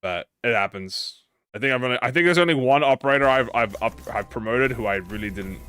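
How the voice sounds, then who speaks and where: A man's voice: medium pitch, a little fast, sharp tone, smooth, dry recording, clean studio sound, faint music behind. A man streaming a game, chatting casually with rambling, profane talk and stammered restarts. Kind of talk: casual live-stream chat.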